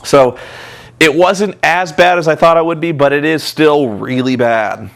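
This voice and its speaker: A man's voice: a little high, unhurried, gravelly. A man hosting a vlog, telling a rambling, profane, self-mocking story. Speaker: vlog host and reviewer.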